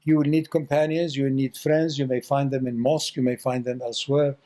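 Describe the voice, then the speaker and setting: A man's voice: medium pitch, flat delivery, fairly quick, warm tone, low-quality recording. A man giving an informal spiritual talk as a Sufi teacher, telling stories with blunt, teasing remarks and repeating words for emphasis.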